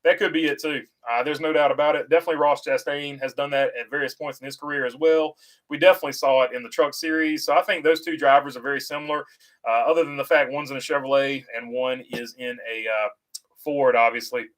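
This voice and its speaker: A man at a middle pitch hosts a casual live stream and answers viewer comments. He talks in an easygoing, halting way, full of "uh" fillers and restarts, and he reassures his regulars in a friendly tone. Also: fairly even intonation, fairly bright tone, poor audio. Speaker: host reading viewer comments. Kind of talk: casual livestream chat about racing.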